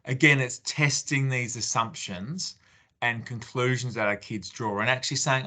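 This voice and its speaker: An Australian man talks through parenting advice in a loose, conversational webinar style, often acting out what he says to his kids. His voice sits at an average pitch for a man and has a bright, clear edge. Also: moderate pace. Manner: conversational, acts out parent-child exchanges with many fillers and restarts. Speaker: parenting speaker. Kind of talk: webinar talk.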